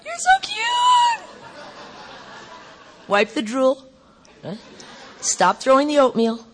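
A woman's voice: high voice, huge pitch swings, takes it slowly, fairly bright tone, some chatter behind, slight background noise, pitched above the performer's own voice, exaggerated voice. A woman voicing a doting, patient God who coos indulgently as if to a messy toddler.

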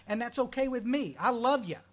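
Texan guy sharing his story at a meeting, high-pitched, folksy and blunt. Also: animated, fairly quick, fairly bright tone. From Texas. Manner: folksy, emphatic, joking. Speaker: recovery meeting speaker. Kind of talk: testimony talk.

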